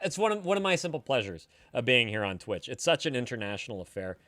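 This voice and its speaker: Bright, lively, profane male streamer. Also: medium pitch, fast, no echo, clean studio sound, soft background music. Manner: profane, loud and teasing, drinking beer. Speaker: streamer giving advice to chat. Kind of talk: casual live-stream chat, reading chat aloud. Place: home streaming setup, San Francisco.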